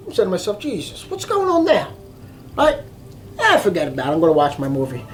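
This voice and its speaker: A man telling a story in an excitable way, acting out voices and reactions. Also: sits high, a little fast, faint music behind. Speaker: vlogger telling a travel story. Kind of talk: animated storytelling monologue.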